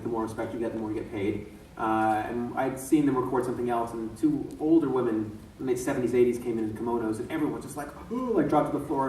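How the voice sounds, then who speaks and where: A man voice actor telling animated, laughing stories to a convention panel audience. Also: medium pitch, slight background noise. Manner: laughing, acts out voices mid-story. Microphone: far from the mic. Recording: echoey room from far off.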